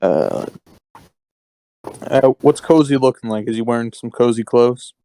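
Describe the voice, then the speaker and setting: A man's voice: medium pitch, expressive, measured pace, dark tone. A man playing in an online tabletop game, easygoing and hesitant in his speech. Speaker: player. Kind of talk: casual chat in a tabletop game.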